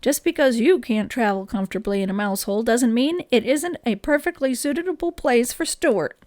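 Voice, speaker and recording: A woman's voice: fairly high pitch, lively intonation, moderate pace, darkish tone, dry recording, clean studio sound, close to an everyday voice. A woman reading aloud and voicing a stern, commanding father who speaks firmly. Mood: soothing. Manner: firm, authoritative.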